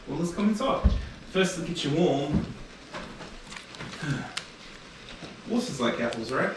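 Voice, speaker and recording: A man's voice: fairly high pitch, sing-song, slow, voice pushed up. Man voicing female guild captain, teasing, coaxing, tabletop game, roomy echo, distant mic. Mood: reassuring. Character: tough-loving female guild captain, teasing older sister. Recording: echoey room, distant mic, noisy.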